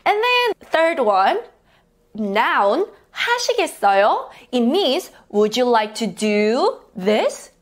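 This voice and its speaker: Young Korean-accented woman, upbeat online teacher with a high, bouncy voice. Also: big pitch swings. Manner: cheerful, repeats words slowly for practice. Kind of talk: online language lesson.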